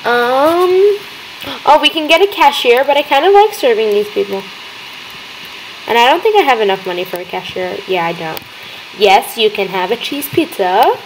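A young woman hosting a gaming video, chattering excitedly as she plays and talking to the characters on screen. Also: on the high side, moderate pace, a little hiss or hum, rough recording. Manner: excitable, gasping, talks to game characters. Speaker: gaming channel host. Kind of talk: let's-play commentary.

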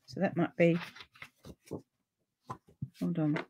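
A middle-aged woman with a British accent hosting a relaxed live papercraft stream, chatting to viewers and easily delighted. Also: lowish voice, takes it slowly, lo-fi sound, a little hiss or hum. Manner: chatty and easily delighted, with frequent gasps and laughs.

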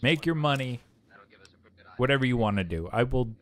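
A man's voice: mid-range voice, animated, moderate pace, fairly bright tone. A young man chatting casually and bluntly with profanity while streaming a game. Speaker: gaming streamer. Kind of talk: casual chat while gaming.

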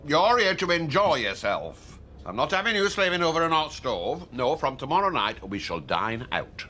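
A pompous older pub landlord. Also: male voice, a little high, sing-song, moderate pace, pushed and bright, slight background noise. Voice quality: grandiose, repetitive phrasing. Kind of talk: TV soap drama acting.

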